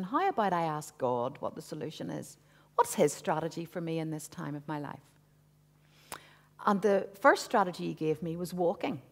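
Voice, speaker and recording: A woman in her fifties sharing a personal testimony with a church congregation, earnest and conversational, with frequent asides. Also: on the low side. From Northern Ireland. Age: 50s. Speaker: church speaker. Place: church hall.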